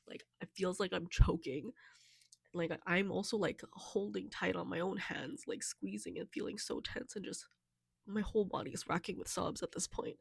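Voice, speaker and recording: A young woman talking softly and haltingly in a personal vlog, tearful and emotional, with many fillers. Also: fairly low pitch, steady tone, gravelly, slightly rough, no room sound, studio quality. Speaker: vlogger.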